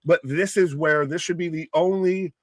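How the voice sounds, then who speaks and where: A man's voice: a little high, steady tone, moderate pace, no room sound. Blunt, swearing man hosting a stream. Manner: blunt, profane, joking. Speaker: host. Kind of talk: live watch-along commentary.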